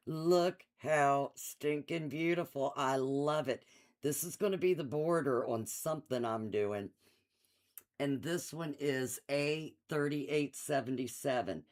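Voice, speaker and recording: A middle-aged woman hosts a live sale from her quilt shop in a relaxed, unhurried way. She chats warmly to viewers, laughs easily and reads out item numbers as she shows off the fabric. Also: very deep voice. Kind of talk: casual live-stream sales chat.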